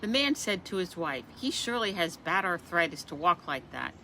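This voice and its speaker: A woman telling jokes as stories, acting out the characters with big jumps in pitch. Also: normal speed, slight background noise. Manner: expressive, acts out the quoted voices with big pitch jumps. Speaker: joke teller. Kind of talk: storytelling jokes.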